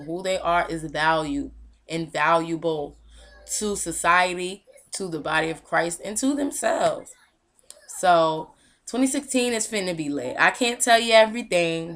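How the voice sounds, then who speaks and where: A woman's voice: lowish voice, fairly bright tone. A young woman hosting a casual vlog, speaking earnestly and encouragingly, with some casual slang. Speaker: movement founder and show host.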